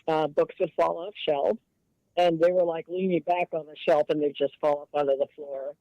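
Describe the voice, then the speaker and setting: A caller to a late-night show tells a long personal story in a chatty manner, animating the voices of the people she quotes. Her voice is deep and at normal speed, recorded without echo but with the highs cut off.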